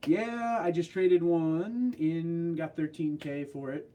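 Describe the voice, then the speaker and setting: A man from New York hosts a livestream, chatting and joking as he reads out viewer comments. His New York accent runs through his speech, and his voice sits a touch higher than most men's. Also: fairly even intonation, slow, mellow, slight background noise. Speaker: livestream host. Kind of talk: casual livestream chat, reading comments.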